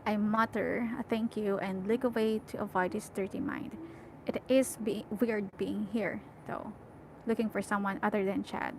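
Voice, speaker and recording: A woman's voice: mid-range voice, slight background noise, rough recording. A young woman reading a novel aloud, often correcting herself and stopping to chat about how emotional the story makes her. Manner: emotional, self-correcting, chatty. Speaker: audiobook reader.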